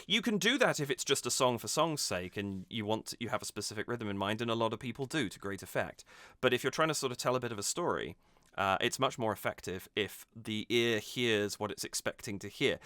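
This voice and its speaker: A man talks through a song's craft in a relaxed, analytical way, pausing and rephrasing as he thinks. His voice is bright and smooth. The recording is dry and close, with no room sound. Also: mid-range voice, no echo. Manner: thoughtful, restarts mid-sentence, analytical. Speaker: music reaction host. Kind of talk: casual music analysis.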